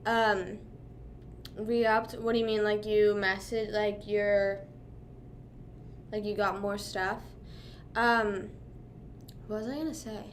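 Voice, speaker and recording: A woman's voice: mid-range voice, flat delivery, takes it slowly, long pauses, a little hiss or hum. A young woman from Pennsylvania chatting casually on a livestream, rambling with lots of "like" and "you know what I mean," sometimes talking while chewing. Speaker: streamer.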